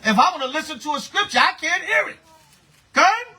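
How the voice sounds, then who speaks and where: Male priest, high bright husky voice, animated street-style sermon. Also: fairly quick. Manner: animated, preaching with call-and-response.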